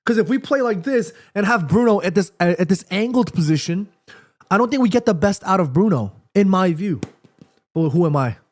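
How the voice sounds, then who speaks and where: Streamer guy with a high voice, chatty match reactions, talks straight to his viewers. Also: expressive, brisk, darkish tone. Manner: chatty, addresses viewers directly, reads chat aloud. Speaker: football watchalong host.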